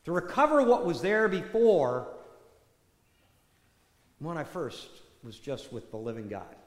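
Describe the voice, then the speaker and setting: Animated high-voiced male preacher, echoey church. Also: measured pace. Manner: conversational, animated storytelling with many asides. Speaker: parish priest. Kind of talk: sermon. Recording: echoey church hall reverb.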